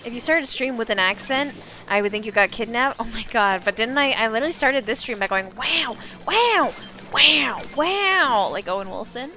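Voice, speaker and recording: A woman streamer chatting casually and excitably while she plays, swearing now and then. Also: a little high, quick pace, faint music behind. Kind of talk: casual live gaming chat.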